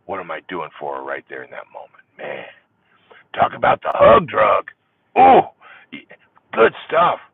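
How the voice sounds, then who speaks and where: An older man hosting a support group livestream, talking in an impassioned monologue that swings between loud exclaiming and hushed near-whispers. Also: sits low, huge pitch swings, a little slow, gravelly, long pauses, breathy edge, no echo. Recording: tinny phone-like audio, dry.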